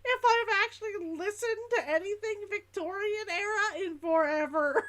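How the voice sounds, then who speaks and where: Giggly high-voiced woman streamer. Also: normal speed, a bit bright. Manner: giggly, chatty, laughs often. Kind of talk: gaming livestream chat.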